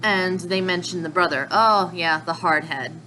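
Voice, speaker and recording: A woman casually recapping manga chapters in a chatty, excitable way, with slips and restarts. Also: on the low side, measured pace, a little hiss or hum, low-quality recording. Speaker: manga reviewer.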